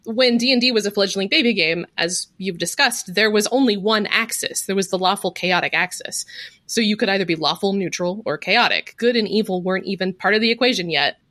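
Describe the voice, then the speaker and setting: A young adult woman co-hosting a podcast, chatting casually, blunt and animated, swearing freely. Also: mid-range voice, a little fast, no room sound. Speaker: podcast co-host.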